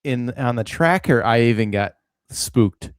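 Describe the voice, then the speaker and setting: A man co-hosting a podcast, talking in an excited, rambling way. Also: mid-range voice, measured pace, smooth, dry recording, studio quality. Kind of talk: casual podcast chat.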